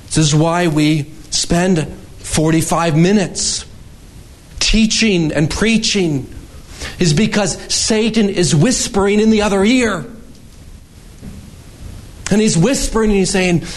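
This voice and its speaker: A man preaching a sermon as pastor, slow and emphatic, his voice climbing high when he quotes scripture. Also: poor audio.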